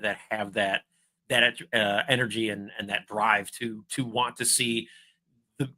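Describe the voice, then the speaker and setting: A man hosting a podcast interview, enthusiastic and halting, with many restarts. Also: medium pitch, sharp tone. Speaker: podcast host.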